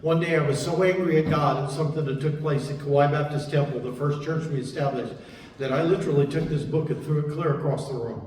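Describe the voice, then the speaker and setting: An older male pastor preaches a Bible sermon, slipping into folksy stories from his own life. His voice sits a touch high and rings through a large echoey hall, heard from some way off the mic. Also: fairly even intonation, a little fast, darkish tone, recorded from a distance, a little hiss or hum. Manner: folksy storytelling with personal anecdotes. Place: church sanctuary.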